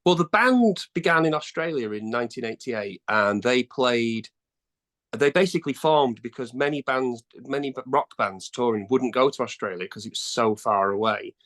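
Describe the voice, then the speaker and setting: A man's voice: medium pitch, lively intonation, moderate pace, fairly bright tone. A middle-aged man, a band's singer, answering interview questions in a rambling, chatty way with many fillers and restarts. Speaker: singer in a tribute band, interview guest.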